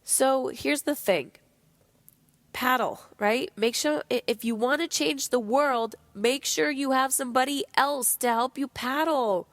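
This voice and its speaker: A woman's voice: high voice, a little slow, no room sound. Blunt, swearing woman podcaster. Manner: blunt, profane, animated. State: sick, low energy. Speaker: podcast host. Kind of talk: candid motivational monologue.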